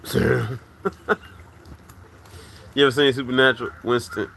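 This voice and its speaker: A man's voice: mid-range voice, normal speed, slight background noise. Rowdy, tipsy male stream host. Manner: loud, rowdy, laughs often, shouts catchphrases. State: slightly drunk. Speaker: livestream host. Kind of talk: casual livestream chat.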